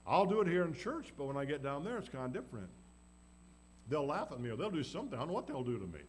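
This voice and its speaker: A man's voice: medium pitch, big pitch swings, very fast, rough recording. A man preaching a sermon in a folksy, storytelling way, acting out the people in the story. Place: church. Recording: faint background noise and hum.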